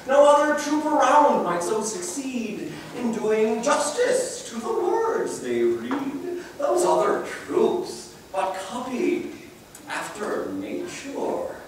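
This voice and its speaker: A man's voice: very high-pitched, slight background noise, full character voice. An actor playing a foppish, vain young male dandy on stage, declaiming rhymed verse flamboyantly and breaking into sung snatches. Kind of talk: live theatrical verse monologue. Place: university hall with a live audience. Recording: very echoey hall, heard from far off.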